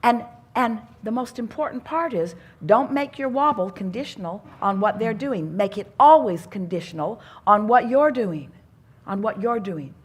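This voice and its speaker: A woman's voice: mid-range voice, expressive, normal speed, slightly rough. Woman giving an earnest seminar talk. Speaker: speaker at a self-help seminar.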